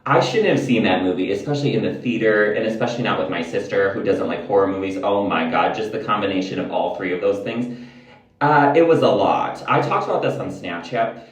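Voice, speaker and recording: Rambling, candid man, roomy sound. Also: lowish voice. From United States. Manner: rambling, candid, swears a lot. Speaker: vlogger. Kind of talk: casual chat to camera. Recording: roomy, mic at a distance.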